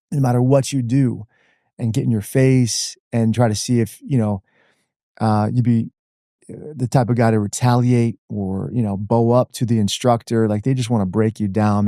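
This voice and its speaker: Animated, warm-voiced storytelling man. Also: medium pitch, moderate pace, no room sound, studio quality. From Washington D.C. area, USA. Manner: animated, uses "man" and "like" a lot. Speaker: podcast guest. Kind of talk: conversational storytelling.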